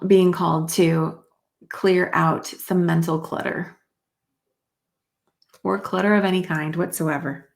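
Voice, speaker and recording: A woman's voice: on the low side, vocal fry, a little mellow. A woman giving a spiritual card reading to camera in a chatty, rambling way, with many fillers and asides. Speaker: card reader.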